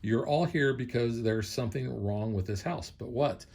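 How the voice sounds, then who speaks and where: A middle-aged man in a casual board game review chat, explaining rules in a relaxed way with plenty of ums and uhs. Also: mid-range voice, moderate pace, creaky, slightly rough. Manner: relaxed, explanatory, filler-heavy.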